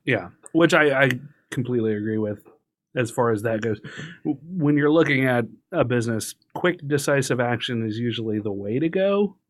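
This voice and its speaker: A man's voice: mid-range voice, lively intonation, moderate pace. A man co-hosting a casual podcast, chatty and upbeat, who laughs easily. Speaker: podcast co-host. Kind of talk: casual chat.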